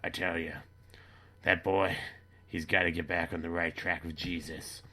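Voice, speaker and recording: A man delivering a rambling, matter-of-fact comedy monologue with halting restarts. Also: low voice, level tone, pushed and bright. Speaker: comedy character monologue host. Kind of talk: deadpan dark comedy monologue.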